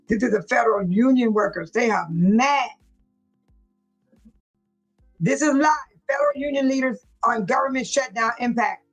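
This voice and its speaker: Husky woman hosting a reaction stream. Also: on the high side, a little fast, soft background music, low-quality recording. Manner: emotional, repeats herself, talks straight to viewers. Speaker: livestream host. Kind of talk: casual reaction commentary.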